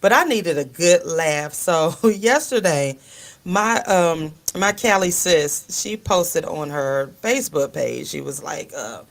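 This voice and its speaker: Slow, low and creaky, this middle-aged radio co-host's voice carries a stream of funny family stories in casual chat. She laughs a lot, tells them animatedly and quotes others by putting on voices.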